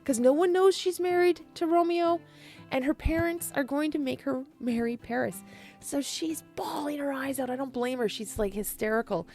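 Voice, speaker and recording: A woman casually retelling a classic play in a chatty, animated way, laughing and swearing often. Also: high-pitched, moderate pace, faint music behind. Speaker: storyteller.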